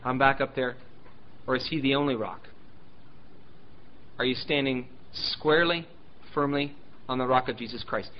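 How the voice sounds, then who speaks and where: A man preaching a sermon and reading scripture aloud, emphatic, swinging between loud declaiming and hushed asides, fighting a sore throat. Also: mid-range voice, moderate pace, long pauses, muffled recording. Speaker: pastor.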